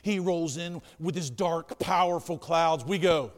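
A man with a high-pitched voice preaches a sermon, dropping to hushed asides and then rising to shouts. His voice rings through a hall with a long reverb. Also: a little slow, few pauses. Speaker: pastor.

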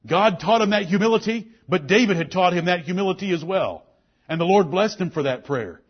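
A man preaching to his church with a husky, high-pitched voice that swoops up and down with great animation. He delivers his sermon emphatically and lends scripture a solemn, old-style ring. The recording sounds dull and lo-fi. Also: lively intonation, normal speed. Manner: emphatic preaching with King James scripture quotes. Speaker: pastor.

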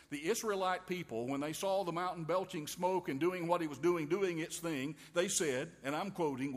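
A man preaching a sermon in a folksy, wry way, with homey quips and asides to his listeners. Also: on the high side. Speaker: pastor. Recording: long reverb of a large hall.

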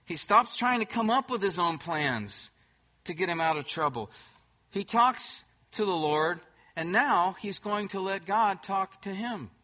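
A man preaching a sermon as pastor, emphatic, swinging between loud bursts and soft, hushed moments. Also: high-pitched, expressive, measured pace.

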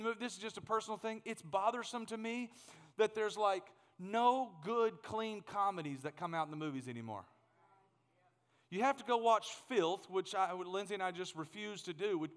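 A man in his thirties preaching a sermon as pastor, animated and joking, often repeating words as he gets going. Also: sits high, big-room sound.

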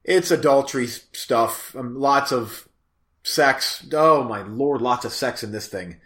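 Man host, slow rambling casual chat, fillers and restarts, echoey room. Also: medium pitch, fairly bright tone. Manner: rambling, halting, many fillers and self-corrections. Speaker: host reviewing movies.

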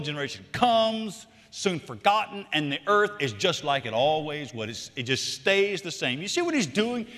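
A man preaching a sermon, animated, shifting between loud emphatic lines and quiet asides. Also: sits high, in a large hall. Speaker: pastor.

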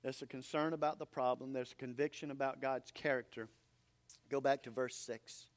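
A man's voice: medium pitch, little pitch movement, normal speed. A man preaching a sermon as pastor, earnest and emphatic.

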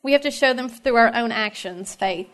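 A woman's voice: on the high side, moderate pace, fairly bright tone. A woman in her thirties from East Tennessee with a Southern accent, giving a chatty, heartfelt personal faith talk to a group of mothers, with lots of fillers and laughter. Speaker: speaker at a moms' ministry meeting.

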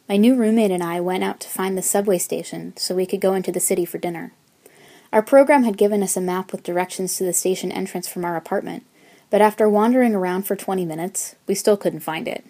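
A young American woman tells a personal story with a wry, self-deprecating edge. She keeps an earnest, measured pace, and her voice sits in an ordinary middle range. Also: mid-range voice, mellow. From United States. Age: young adult.

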